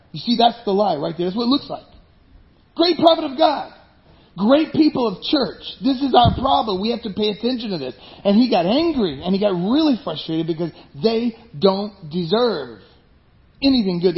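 A man's voice: sits high, very animated, moderate pace. A man preaching a sermon with emphasis, turning to the congregation with rhetorical questions. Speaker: pastor. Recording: dull lo-fi sound.

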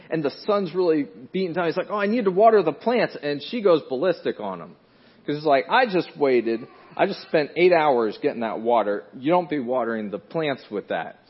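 A man preaching a sermon in a conversational way, telling a story with fillers and restarts and rising loud and high at dramatic moments. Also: husky. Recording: dull lo-fi recording.

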